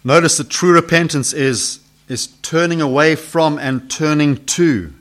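A man preaching an expository sermon, posing rhetorical questions to his listeners and swinging from loud emphasis to hushed questions. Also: fairly high pitch, moderate pace, hardly any pauses.

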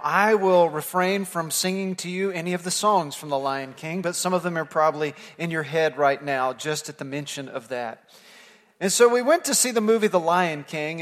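A male pastor preaches from the pulpit, his slightly high voice carrying a long reverb tail through the sanctuary. He tells stories earnestly, swelling to emphatic points and then sinking to near-quiet asides. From United States. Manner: storytelling, earnest, builds to emphatic points then drops soft. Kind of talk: sermon. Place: church sanctuary.

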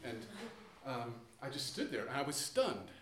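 A man's voice: mid-range voice, big pitch swings, a bit bright, slight background noise. Self-mocking male storyteller in an echoey room. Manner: halting, self-mocking, frequent restarts. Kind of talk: live storytelling to an audience. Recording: echoey room, distant mic.

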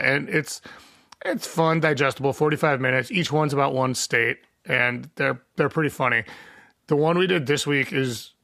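A man's voice: fairly high pitch, vocal fry, pushed and bright, dry recording. A man hosting a casual comedic chat, rambling and joking, laughing at his own bits. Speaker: podcast host.

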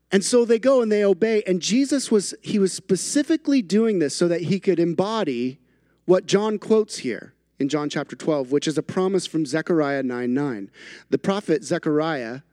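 A man preaching with a high, light voice. He is emphatic, stacks repeated phrases to build intensity, and slips in playful asides. The sound is close and dry, with no room echo. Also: a little mellow. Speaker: pastor. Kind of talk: sermon.

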